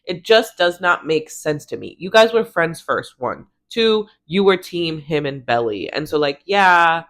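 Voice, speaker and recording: A woman in her thirties casually recapping a TV show, quoting characters in quick voices and laughing often. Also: deep voice, animated, fairly bright tone. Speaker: recap vlogger.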